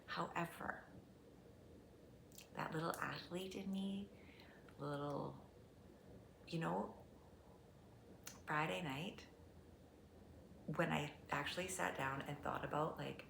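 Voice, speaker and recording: A middle-aged woman vlogging casually, chatty and candid, often dropping into soft near-whispers. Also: deep voice, slow, gravelly, pauses often. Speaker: vlogger, fitness competitor. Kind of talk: casual vlog talk to camera. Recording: echoey room, faint background noise.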